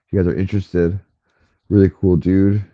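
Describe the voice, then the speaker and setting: A man's voice: flat delivery, normal speed. A man hosting a casual livestream from home, chatting loosely with his viewers, heard through a slightly muffled headset mic. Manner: rambling, chatty, coos at his cat in a high baby voice. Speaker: livestream host. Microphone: headphone mic, a bit muffled.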